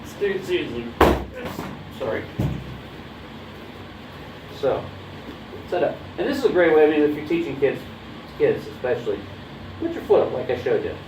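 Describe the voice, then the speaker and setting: A man's voice: fairly high pitch, very animated, moderate pace, long pauses. A man giving a hands-on horn lesson in a casual, coaching way, often checking that his student understands. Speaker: horn teacher. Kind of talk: casual one-on-one instruction. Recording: roomy, distant, dull mic with background noise.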